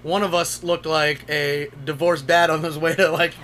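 A man's voice: on the high side, flat delivery, moderate pace, a bit bright, slight background noise. A young man co-hosting a podcast, telling stories in a loose, profane way. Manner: loose, profane storytelling with laughs. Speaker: podcast co-host. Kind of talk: casual chat.

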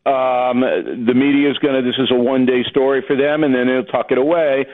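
A man calling in as a radio guest, blunt and dismissive, talking in quick bursts. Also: mid-range voice. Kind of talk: casual radio talk. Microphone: telephone. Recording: phone line.

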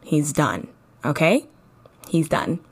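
Young woman podcast host, kinda tired, low-ish voice, playful big-sister advice vibe. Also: expressive, slow pace, husky. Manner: chatty, playful, big-sister tone with sudden high exclamations.

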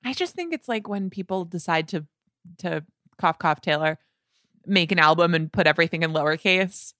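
Woman co-host, casual and playful, crisp bright tone in a dry booth. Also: on the low side, lively intonation, normal speed, dry recording. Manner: chatty, laughs often, playful asides. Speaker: podcast co-host. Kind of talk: casual music discussion.

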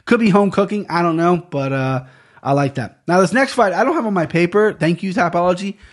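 At a desk microphone, a young man with a high-pitched voice briskly hosts a casual podcast picking fights for betting. He rambles, swears, and stumbles over names.

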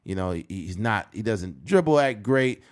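A man co-hosting a casual podcast, talking bluntly and emphatically, sometimes reading news copy aloud haltingly and rising to heated points. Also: fairly low pitch, expressive. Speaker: podcast co-host.

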